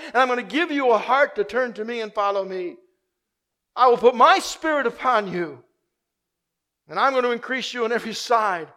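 A man preaching a sermon, swinging from loud, urgent repeated questions to a hushed, quiet prayer. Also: very high voice, animated, normal speed.

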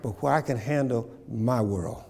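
A man's voice: medium pitch, moderate pace, gravelly, darkish tone, long reverb tail. A man preaching a sermon, repeating phrases and checking in with his congregation. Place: church.

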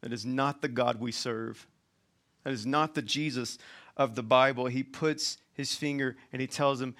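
A man preaching a sermon in a colloquial, folksy way, swinging from loud emphatic points to quiet asides. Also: fairly high pitch, fairly even intonation, measured pace, clean tone.

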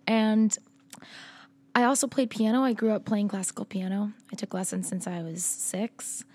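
A woman's voice: medium pitch, moderate pace, darkish tone. Woman from Massachusetts, musician guest, chatty, storytelling, casual podcast talk. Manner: chatty, laughs often, storytelling.

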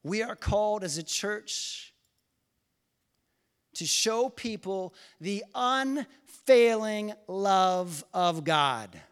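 High-voiced man preaching, hushed to shouting. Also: animated, extremely slow, smooth. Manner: preaching with call-and-response, swinging from hushed to shouting. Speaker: pastor. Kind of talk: sermon. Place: church hall.

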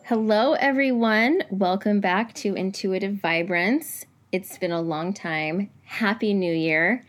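A woman hosting her own podcast, talking in an earnest, reflective way with soft pauses. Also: mid-range voice, faint music behind. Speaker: podcast host. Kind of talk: casual solo podcast talk; scripted podcast intro.

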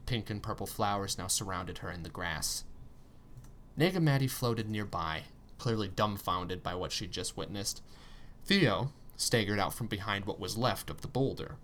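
A man narrating a story aloud in an expressive reading style, with tense pauses and strong emphasis. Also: lowish voice, a little hiss or hum. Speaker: story reader.

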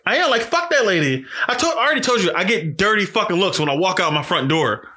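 A high-pitched, fast-talking man tells an angry, profane story in casual conversation. He is animated throughout, and his voice jumps up whenever he acts out his own outbursts.

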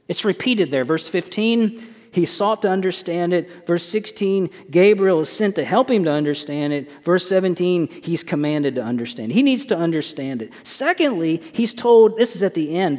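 Preaching emphatically in a church sanctuary, this male pastor frequently throws rhetorical questions at his congregation. His voice sits a little high and a little mellow, and the audio carries long church hall reverb.

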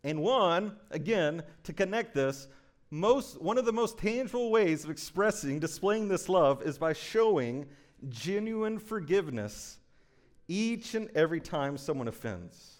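A man in his thirties preaching a sermon as pastor, moving between slow, soft emphasis and quick, chatty storytelling with frequent asides to the congregation. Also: high voice, lively intonation. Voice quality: conversational with frequent "right?" asides.

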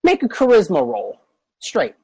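A game master describing a fantasy scene for players, full of pauses and restarts. The sound is dry and close. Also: mid-range voice, huge pitch swings, gravelly, darkish tone, breathy edge, dry recording. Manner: hesitant, many fillers and restarts. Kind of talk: narrating a tabletop game.

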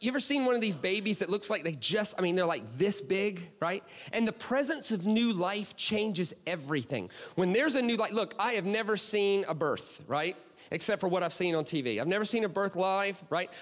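A man preaching a sermon as a pastor, animated and chatty, checking in with the crowd by asking "right?" and "okay?" again and again. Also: high-pitched. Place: church auditorium. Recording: reverberant hall.

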